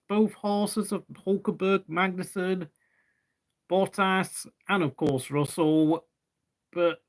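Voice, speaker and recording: A young man hosting a live race watchalong, chatting casually and rambling to fill the gaps between race updates. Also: high voice. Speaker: watchalong host.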